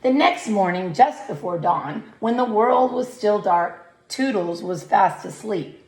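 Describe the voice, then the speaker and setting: Woman narrator, storybook read-aloud for kids; slow, gentle, roomy echo. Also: mid-range voice, animated. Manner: gentle, questioning asides to young listeners. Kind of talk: reading a picture book to children.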